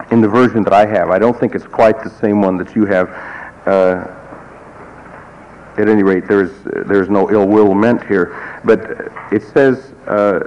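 A man with a fairly low voice gives a classroom lecture, explaining patiently and drifting into wry asides. The recording is dull and lo-fi, with a faint hiss in the background. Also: darkish tone. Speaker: music teacher.

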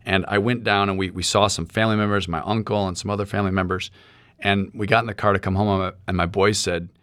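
Middle-aged professor guy, low voice, lots of uhs and restarts, dry mic. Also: little pitch movement, fast, fairly bright tone, clean tone, no room sound. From St. Louis, USA. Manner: thinking aloud, many fillers and restarts. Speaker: seminary professor. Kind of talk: podcast discussion on sermon planning.

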